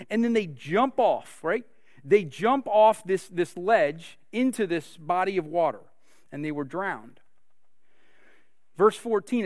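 A man's voice: high-pitched, no echo, clean studio sound. A man preaching a sermon, earnest and full of rhetorical questions. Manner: earnest, asks rhetorical questions, many restarts. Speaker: pastor.

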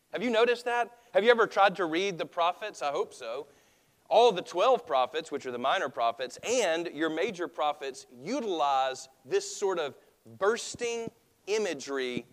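A man preaching a sermon in a relaxed, conversational way, often asking his listeners rhetorical questions. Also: on the high side, in a large hall. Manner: opens with a hushed prayer. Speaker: pastor.

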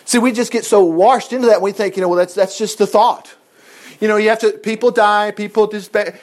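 A man's voice: sits high, fairly even intonation, a little fast. A man preaching a sermon, reading scripture aloud and breaking off into folksy, exclaiming asides to his listeners. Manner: folksy, talks straight to the congregation.

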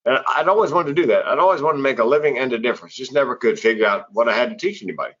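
A middle-aged man with a husky voice, a public speaker and former comedian telling stories in an interview and acting out the people he quotes. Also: mid-range voice, racing. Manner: animated storyteller who acts out quoted voices. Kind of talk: conversational storytelling in an interview. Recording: slightly dull, lo-fi audio.

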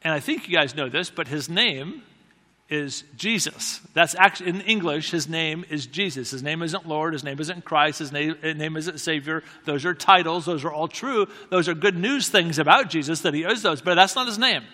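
Bright-voiced male preacher in a reverberant hall. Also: fairly high pitch, normal speed. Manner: conversational, self-deprecating humor, repeats key phrases. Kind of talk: sermon storytelling. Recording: long reverb of a large hall.

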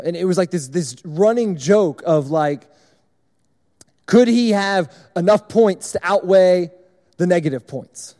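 A young man gives a sermon in a large hall, talking to the room in a relaxed, conversational way. His voice sits high but sounds mellow. A long reverb trails each phrase. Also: measured pace. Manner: conversational, illustrative, repetitive. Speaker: speaker at a church service.

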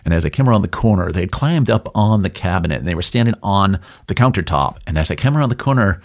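A man's voice: low-pitched, animated, fast talker. A middle-aged man from New England, a guest telling jokey stories in a casual interview and acting out little voices. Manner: jokey storyteller, acts out voices with big jumps. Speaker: interview guest, business owner.

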